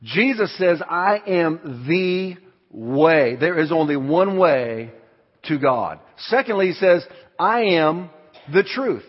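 A man, a pastor preaching a sermon with emphatic delivery and sudden loud shouted lines. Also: on the high side, sing-song, slow pace, breathy edge. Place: large church hall. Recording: dull audio with long hall reverb.

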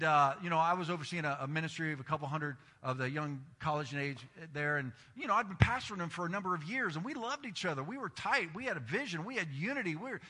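A man's voice: a little high, pushed and bright, breathy edge. A middle-aged man preaching a sermon as pastor, telling stories animatedly and acting out the voices he quotes. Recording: long reverb of a large hall.

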